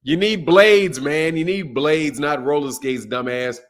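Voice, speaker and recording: A man's voice: fairly high pitch, a little slow. Slangy, laughing livestream host, man. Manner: loose, laughing banter, shouting out chat names; slangy, profane, mocking. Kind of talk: casual livestream chat.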